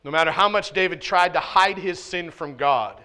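A man preaching in church with a bright, forceful tone, pitched a little above the usual for men. He talks to the congregation casually, pushing hard on key points and then dropping low and close. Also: moderate pace. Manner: conversational preaching, swings from loud emphasis to hushed asides. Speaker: pastor. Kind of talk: sermon. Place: church sanctuary.

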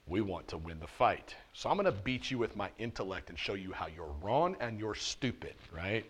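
A man pastor preaching a sermon in church, moving between loud, stressed points and quiet, low asides, with casual, joking street talk mixed into the preaching. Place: church service.

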